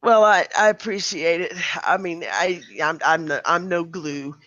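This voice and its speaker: A man with a fairly high voice rambles through casual podcast chat, stopping and restarting his sentences as he goes. He is getting over the flu. The mic is dull and dry, like a cheap home setup. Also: measured pace, bright, forceful tone, no room sound. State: recovering from flu. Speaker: podcast co-host.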